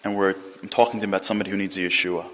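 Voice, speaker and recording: A man giving an inspirational talk, telling a story in an animated, dramatic way. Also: low voice, rapid-fire. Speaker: inspirational speaker. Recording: long hall reverb.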